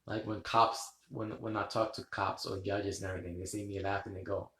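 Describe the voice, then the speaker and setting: A man's voice: on the low side, little pitch movement, brisk, fairly bright tone, roomy sound. A man hosting a rambling live stream, chatting with viewers, laughing often and swearing casually. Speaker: livestream host.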